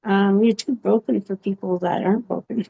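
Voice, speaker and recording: A woman giving a personal testimony in an interview, speaking haltingly with many pauses and fillers. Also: mid-range voice, fairly even intonation. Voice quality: gravelly. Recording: dull, muffled recording.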